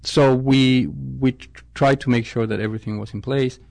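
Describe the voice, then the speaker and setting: A male scientist speaks in a gravelly, creaky voice at a middle pitch. He answers interview questions in a reflective way and often stops to restart his sentences. The sound is close and dry. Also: fairly even intonation, moderate pace, darkish tone, no room sound. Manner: thoughtful, with frequent restarts and self-corrections.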